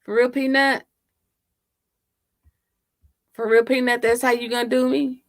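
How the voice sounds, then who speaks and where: A woman's voice: on the high side, flat delivery, unhurried, no echo, clean studio sound. A woman hosting a casual livestream, chatting and laughing with viewers and teasing them, speaking into her laptop microphone at home. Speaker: livestream host. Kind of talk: casual live chat with viewers.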